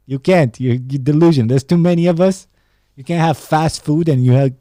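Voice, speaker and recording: A man's voice: mid-range voice, mellow, no room sound. A man from Romania, hosting a solo podcast in a sarcastic, profane rant. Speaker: podcast host.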